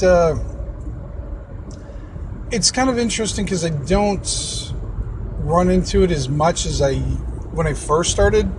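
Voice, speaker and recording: A man's voice: fairly high pitch, noisy background. A man in his fifties leaving an easygoing voicemail, thinking aloud. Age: 50s. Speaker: caller. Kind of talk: voicemail message.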